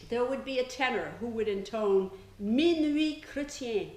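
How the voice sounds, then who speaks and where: An older woman who is an author gives a talk to an audience, telling chatty family stories and laughing often. Her voice is on the high side and a little fast, and the room is echoey with faint noise.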